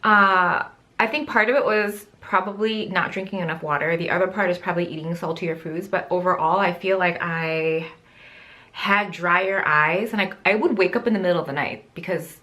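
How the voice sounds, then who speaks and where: A woman's voice: fairly low pitch, normal speed, sharp tone. Chatty woman rambling through beauty products. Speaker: beauty vlogger. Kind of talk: casual makeup vlog talk. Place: home, indoors at her makeup setup.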